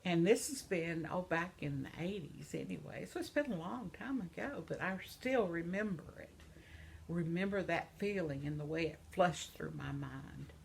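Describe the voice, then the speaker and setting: An older woman vlogging from home in a casual, reminiscing monologue, speaking softly and sometimes dropping to a whisper. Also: lowish voice, expressive, moderate pace, creaky, slight background noise. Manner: reminiscing, soft-spoken, trails off into whispers; affectionate sign-off to viewers.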